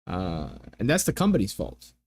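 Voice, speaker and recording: A man's voice: fairly low pitch, huge pitch swings, normal speed, darkish tone. A young man in casual chat as a gaming streamer, rambling through exasperated rants full of filler words.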